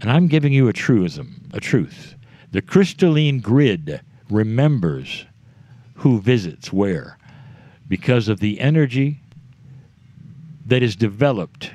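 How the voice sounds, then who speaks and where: Man channeling a spiritual message to a gathering; unhurried, deliberate, dry close sound. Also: on the low side, very animated, a little mellow, dry recording. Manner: slow, measured phrasing in short pauses, addressing listeners directly. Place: live gathering with an audience.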